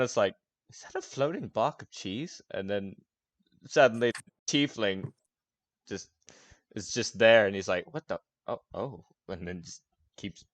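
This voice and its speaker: A man running a tabletop game in a loose, halting, casual way, full of fillers and swearing. His voice sits at an ordinary middle pitch and is recorded close and dry with no room sound. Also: fairly bright tone, no room sound. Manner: casual, hesitant, swears often, laughs. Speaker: game master.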